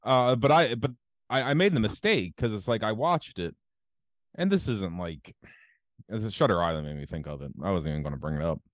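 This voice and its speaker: A man's voice: fairly low pitch, lively intonation, fairly quick, no echo, clean studio sound. A man hosting a podcast in casual chat, rambling and profane with many fillers. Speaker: podcast host.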